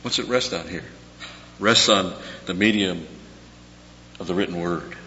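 A man preaching a verse-by-verse sermon, repeating key words slowly for emphasis. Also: sits low, bright, forceful tone. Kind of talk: expository sermon on scripture. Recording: dull echoey hall with faint hum.

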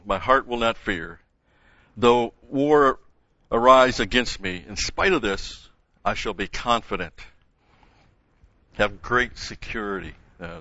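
A man preaching a sermon, reading a psalm aloud with strong emphasis and slowing down on key phrases. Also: bright, forceful tone, no echo. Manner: emphatic, rises in pitch and volume when reading scripture. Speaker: pastor. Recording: dull lo-fi sound.

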